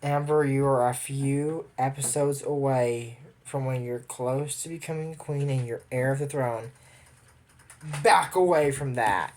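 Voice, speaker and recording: A man's voice: medium pitch, a little slow, a little mellow. A young man from Amarillo, Texas, chatting casually as he reviews a cartoon episode. He rambles and adds apologetic asides. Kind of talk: casual commentary.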